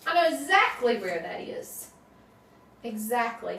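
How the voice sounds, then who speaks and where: A friendly Southern woman talking her way through a craft project on a live stream, calling out viewers by name with folksy warmth. Her voice sits a little high, and it bounces around a roomy space while she stands back from the mic. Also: expressive, unhurried. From North Carolina, USA. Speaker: wreath designer hosting a live stream. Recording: roomy echo, distant mic.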